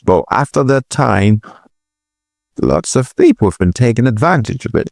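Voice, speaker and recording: Hesitant low-voiced man reacting to clips. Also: a little mellow, dry recording, studio quality. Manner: hesitant restarts, incredulous exclamations. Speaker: political commentary host. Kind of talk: reaction commentary.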